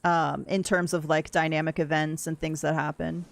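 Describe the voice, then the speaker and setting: A young adult woman streaming a game, talking in a rambling, candid, soft-spoken way. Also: deep voice, level tone, moderate pace, creaky, few pauses, no room sound. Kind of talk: casual livestream chat while gaming.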